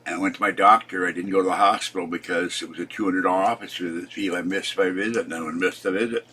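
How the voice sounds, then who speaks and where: Low-voiced upset older man vlogging. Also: steady tone, fast, pushed and bright, a little hiss or hum. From Pittsburgh. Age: 70s. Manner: upset, complaining, trailing off. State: tired. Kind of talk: rambling casual vlog.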